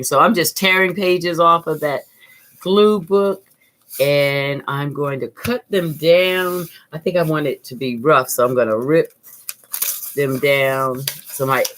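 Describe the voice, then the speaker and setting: A woman's voice: deep voice, fairly bright tone, slight background noise. A middle-aged woman, hosting a live craft tutorial and chatting with viewers in an upbeat way as she works at her desk. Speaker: art teacher, channel host. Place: home craft desk, indoors.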